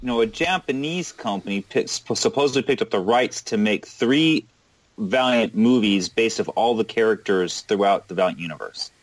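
A man's voice: on the low side, normal speed, rough recording. A man chatting casually as a podcast co-host, rambling a little with hesitations. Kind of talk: casual chat about comics.

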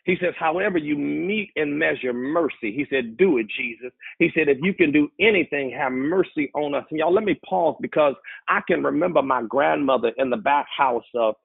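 A male pastor preaching, stammering through repeated words before he rises into excited calls. His voice is husky and gravelly. It comes through dry and tinny, like a phone line. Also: a little high, moderate pace, no room sound. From California. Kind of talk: sermon.

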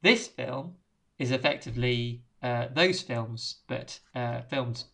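A man rambles through a movie plot on a chatty podcast, jokey and animated as he retells the scenes. His voice sits at an ordinary mid pitch for a man. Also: takes it slowly, vocal fry. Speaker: podcast host. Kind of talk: casual film recap chat.

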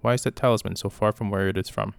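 Sly smirking sorceress, taunting, low gravelly tone, read by a guy. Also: fairly even intonation, fast, no echo. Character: scheming, smirking young woman enchantress.

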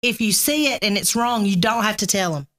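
A woman's voice: mid-range voice, lively intonation, brisk, fairly bright tone. A Southern woman in her forties talks eagerly in a casual chat. She is a teacher with an easy, talkative way.

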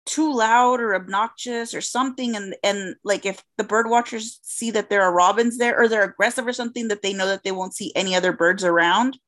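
A woman's voice: mid-range voice, a little fast, hardly any pauses, a bit bright. A woman co-hosting a podcast in casual chat, rambling with fillers and crude jokey asides. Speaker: podcast co-host.

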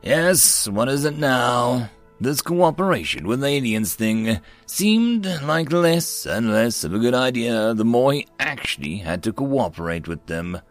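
A man narrating science fiction stories in an expressive, varied storytelling manner. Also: mid-range voice, a little slow, hardly any pauses, soft background music.

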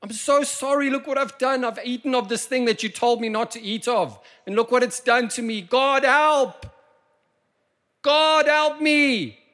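A man voicing a repentant sinner who cries out loudly to God, begging forgiveness in a strained, pleading voice. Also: fairly even intonation, measured pace, exaggerated voice. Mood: desperate pleading. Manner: pleading, high and loud.

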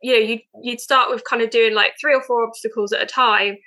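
A woman's voice: fairly high pitch, steady tone, fairly quick, sharp tone, rough recording. A young woman, a podcast guest chatting eagerly with lots of fillers. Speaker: guest, veterinary nurse. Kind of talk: casual podcast chat.

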